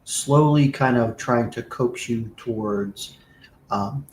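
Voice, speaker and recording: Slow, echoey game master man. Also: mid-range voice, a little mellow, slight background noise. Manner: loose, filler-heavy narration with profanity. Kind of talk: narrating a tabletop game.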